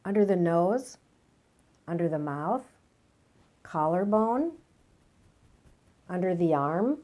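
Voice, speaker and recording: A woman coaching viewers through tapping, explaining each step in a gentle, measured way. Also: medium pitch. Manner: gentle, measured, demonstrates points as she speaks. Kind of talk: calm step-by-step instruction.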